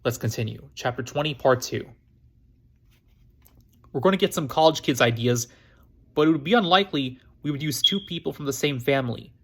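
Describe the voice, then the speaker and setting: A man's voice: mid-range voice, gravelly, fairly bright tone, husky. Man reading a novel aloud. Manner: plain, unhurried reading with frequent restarts. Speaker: storytime channel host, book reader.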